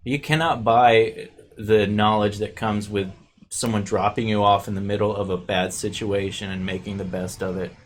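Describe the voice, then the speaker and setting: A man's voice: lowish voice, moderate pace, a little hiss or hum. A man chatting casually as a guest, joking and telling stories. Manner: animated, jokey storyteller. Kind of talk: casual chat.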